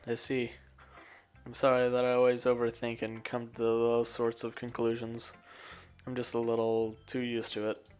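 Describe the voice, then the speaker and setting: A man voicing a shy, anxious young woman who overthinks, reading her game lines in a monotone. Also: medium pitch, normal speed, smooth, soft background music, lightly acted. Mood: apologetic. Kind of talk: game dialogue read aloud.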